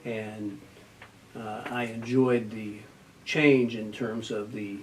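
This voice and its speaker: Older man, measured and slightly distant. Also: lowish voice, steady tone. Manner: measured, thoughtful, with many fillers. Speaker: retiring municipal judge. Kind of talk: news interview. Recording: distant mic with faint noise.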